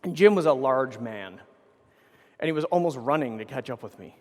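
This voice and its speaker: A man's voice: mid-range voice, expressive, moderate pace, in a large hall. A man giving a conference keynote, telling rambling anecdotes full of swearing and self-corrections into a stage microphone. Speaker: keynote speaker.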